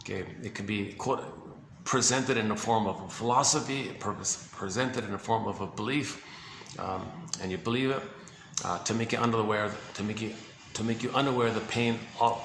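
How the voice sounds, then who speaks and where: A man giving a casual, halting explanation on psychology, often searching for words and repeating himself. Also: fairly low pitch, background noise. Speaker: speaker on psychology. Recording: echoey room with faint ambience.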